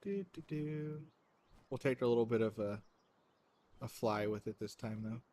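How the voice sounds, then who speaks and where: A man livestreaming a game from home, talking in a loose, wandering way. He fills gaps with "uh" and "like" and laughs easily. His voice sits at an ordinary middle pitch. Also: normal speed, dark tone. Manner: rambling and chatty, laughs often, many fillers. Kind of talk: casual game-stream chat.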